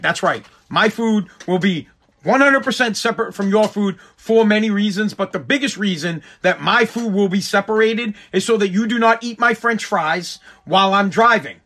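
A man's voice: high-pitched, moderate pace, fairly bright tone. A man hosting a casual podcast, ranting emphatically with lots of repetition. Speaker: podcast host.

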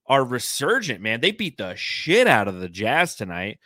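A man hosting a sports podcast, talking in a bright, forceful voice. He is animated, swears freely and acts out quotes. The sound is dry and close, with no room around it. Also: medium pitch, moderate pace, no echo. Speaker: podcast co-host. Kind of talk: casual sports podcast chat.

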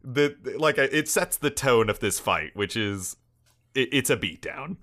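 A man co-hosts a podcast, casually chatting about an anime episode and rambling with frequent laughter and free swearing. His mid-range voice has lively intonation, a fairly bright tone, and a measured pace.

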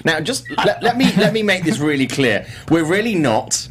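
A man's voice: a little high, very animated, normal speed, a bit bright, slight background noise. A middle-aged man with an English accent, hosting a casual movie chat show, rambling and self-deprecating with many fillers. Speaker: host.

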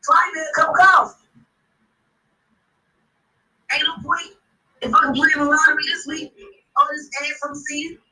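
High-voiced, blunt, profane woman storyteller. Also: a little slow, long pauses, recorded from a distance, rough recording. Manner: blunt, animated, swears constantly. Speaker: podcast guest.

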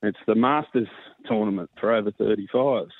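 An Australian man calling in to a radio show, chatting casually and warmly, sometimes getting emotional. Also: lowish voice, normal speed. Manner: heartfelt, gets emotional. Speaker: caller. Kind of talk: casual phone-in chat. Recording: tinny phone line.

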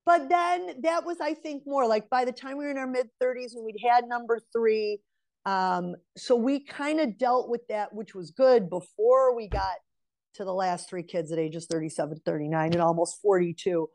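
The speaker is a woman in her forties whose voice is fairly high and a little mellow, delivered at normal speed. She's a relationship mentor guesting on an interview, casually telling a story from her own life and giving heartfelt advice addressed to women.

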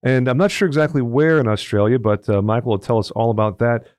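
A man's voice: mid-range voice, fast, a little mellow, dry recording. Friendly man hosting, dry close sound. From Texas, United States. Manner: friendly, joking, chatty. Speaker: podcast host. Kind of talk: casual interview chat.

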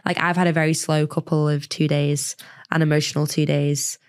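Woman podcast co-host, lowish, husky and hoarse, chatty and giggly. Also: level tone, fairly quick, darkish tone. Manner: chatty, laughs often, rambling restarts. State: hoarse, unwell. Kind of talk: casual chat.

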